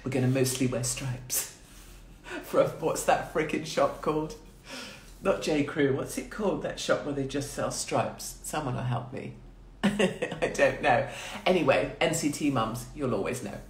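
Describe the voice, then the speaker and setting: A woman's voice: low-pitched, animated, unhurried, slight background noise. A woman in her forties chats on a phone livestream from a small quarantine room. She swears freely, laughs often and rambles in a crude, irreverent way. The small room gives her voice a noticeable echo. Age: 40s. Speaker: livestream host. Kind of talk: casual livestream chat.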